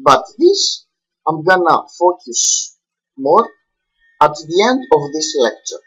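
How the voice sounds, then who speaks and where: Slow, halting man teaching at a board. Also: fairly high pitch, very animated, pushed and bright, breathy edge, dull audio. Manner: slow, halting explanations with many fillers. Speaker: language teacher. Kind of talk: whiteboard language lesson.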